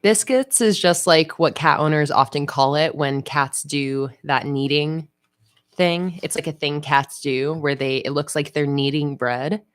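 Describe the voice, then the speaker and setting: A woman hosting a casual livestream, chatting in a relaxed way with frequent fillers. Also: low-pitched, measured pace. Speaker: livestream host. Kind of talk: casual livestream chat while planning.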